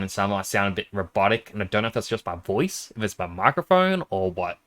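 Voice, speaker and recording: A man's voice: on the low side, big pitch swings, quick pace, few pauses, a bit bright. A man streaming a game, chatting casually, rambling and self-conscious, sometimes dropping to a whisper while testing his microphone.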